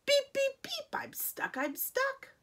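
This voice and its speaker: A woman reading a picture book aloud, voicing a small, cheerful, friendly blue truck with high beeping squeaks. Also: huge pitch swings, slow pace, pushed and bright, full character voice. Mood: panicked.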